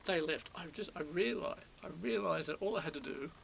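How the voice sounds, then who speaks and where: Still running on adrenaline, a man tells his camera a rambling personal story full of repeats, restarts and quoted lines from others. He's a vlogger with a slightly high voice, vocal fry and a brisk pace, recorded lo-fi with faint hiss on a camera or phone mic.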